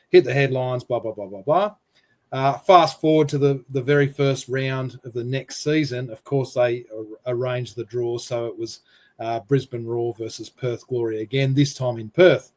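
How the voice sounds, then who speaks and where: A man, a football referee coach, telling a relaxed story full of fillers over a video call. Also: medium pitch.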